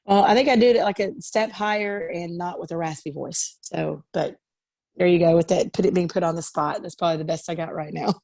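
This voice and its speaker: A woman's voice: on the low side, fairly quick, creaky, darkish tone, dry recording. A woman from Arkansas, a singer-songwriter, chatting as a guest in an interview in a modest, easygoing way. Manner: modest, chatty, laughs easily. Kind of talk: casual interview chat.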